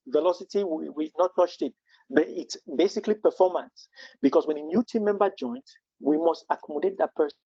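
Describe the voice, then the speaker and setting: A man's voice: fairly high pitch, warm tone, dry recording, lo-fi sound. A man leading a live training webinar, earnest and full of rhetorical questions, often restarting his sentences. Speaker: Scrum trainer.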